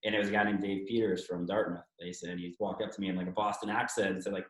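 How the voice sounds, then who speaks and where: Fast and with few pauses, a man in his thirties from Toronto, Canada, formerly a hockey player, speaks candidly as an interview guest. He swears freely and acts out quoted speech, his voice on the low side with little pitch movement, in an echoey room.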